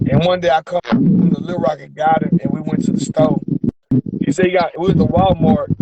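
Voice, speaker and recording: A man with a Southern accent hosting a casual chat, speaking emotionally with stammering restarts and sudden high outbursts. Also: highs cut off. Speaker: podcast host.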